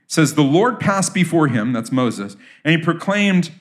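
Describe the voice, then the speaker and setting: A man's voice: fairly high pitch, sing-song, normal speed. Man, pastor, conversational sermon, questions to the congregation, church. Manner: conversational, asks the audience questions.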